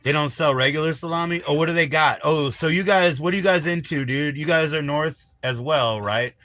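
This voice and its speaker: Male streamer, bright edgy voice, rambling and foul-mouthed, teases his viewers off the cuff. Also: on the high side, brisk. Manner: crude, rambling, teasing, swears constantly. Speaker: livestream host. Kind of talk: rambling live-stream chat.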